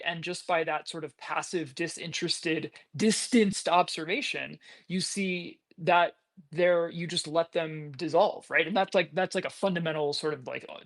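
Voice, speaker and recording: A man co-hosting a roundtable podcast, talking in a quick, digressive way and often checking in with "right?". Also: on the high side, vocal fry, fairly bright tone. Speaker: podcast co-host. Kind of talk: casual roundtable discussion.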